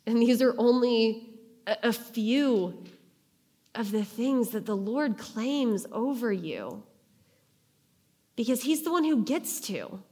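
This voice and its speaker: A woman's voice: fairly high pitch, sing-song, dark tone. Earnest woman preaching a sermon. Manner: earnest, with slow emphatic pauses on key phrases. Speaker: speaker giving a devotional talk.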